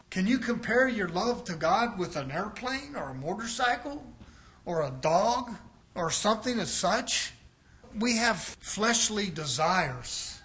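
Male preacher, high bright tone, quiet teaching swelling into shouted exhortation. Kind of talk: sermon.

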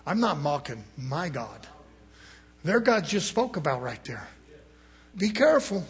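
A man preaching a sermon, swinging between loud rising exhortation and low murmured asides, acting out other people's words in quoted voices. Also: very animated, unhurried, breathy edge.

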